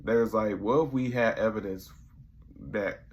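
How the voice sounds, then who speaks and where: A man's voice: fairly low pitch, normal speed, slight background noise. A young man casually reviewing a comedy episode in a loose, slangy way, acting out the quotes as he retells the scenes. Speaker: YouTube reviewer.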